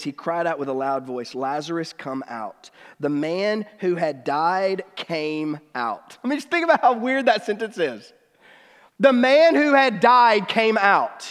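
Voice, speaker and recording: A man preaching a sermon in a casual, conversational way with slang, swinging between emphatic and hushed. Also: sits high, long reverb tail. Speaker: pastor.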